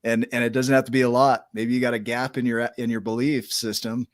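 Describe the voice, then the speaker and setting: A man's voice: mid-range voice, level tone, fairly quick, no room sound. Emphatic male podcast host, dry sound. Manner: emphatic, enthusiastic, keeps asking "right?". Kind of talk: podcast interview.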